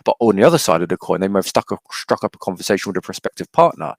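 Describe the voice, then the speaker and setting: A man's voice: on the low side, lively intonation, rapid-fire, creaky, no room sound. A man giving his opinions as a podcast guest, arguing point by point. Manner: argumentative, reasons point by point.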